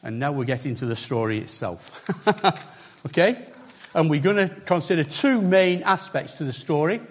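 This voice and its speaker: Husky-voiced man preaching a lively sermon. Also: high-pitched. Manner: conversational, emphatic with asides.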